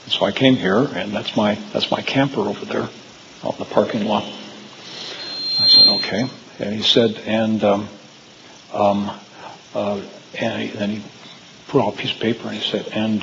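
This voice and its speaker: A man's voice: on the low side, fairly even intonation, normal speed, creaky, pauses often, sharp tone, lo-fi sound, slight background noise. Man telling stories in a hall. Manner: rambling, with frequent fillers and restarts. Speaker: speaker giving a talk. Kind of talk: storytelling lecture to a live audience. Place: hall with audience.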